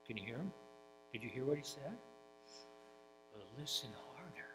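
A man's voice: mid-range voice, lively intonation, moderate pace, background noise. An older man leading a children's sermon in church, playfully coaxing the kids and chatting with a puppet. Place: church sanctuary.

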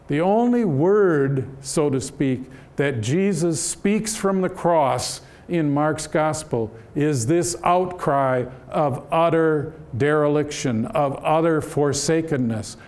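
A man giving a Bible-study lecture in a church, explaining the text in a measured way with frequent "uh" fillers. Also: fairly high pitch, a little mellow. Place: church hall.

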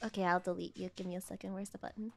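A woman's voice: fairly low pitch, level tone, racing, creaky, very noisy. A young woman co-hosting a casual comedic stream, giggling often and teasing playfully. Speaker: streamer co-host.

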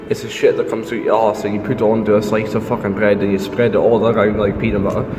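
A man ranting an angry, heavily profane diss track outdoors. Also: fairly low pitch. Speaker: amateur diss-track rapper. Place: outdoors in the wind. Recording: distant, echoey outdoor recording with wind noise.

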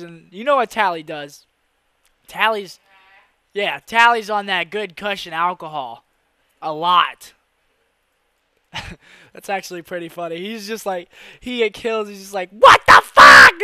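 A young man giving casual commentary over his own gameplay, excitable, swearing a lot and laughing between rants. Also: high-pitched, smooth, no room sound. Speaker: gaming YouTuber.

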